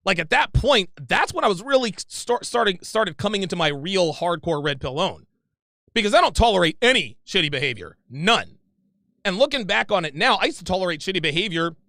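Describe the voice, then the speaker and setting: Man, 30s, high, lively delivery, profane rambling storyteller, gravelly edge. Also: no echo, clean studio sound. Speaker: podcast guest. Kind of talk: casual storytelling.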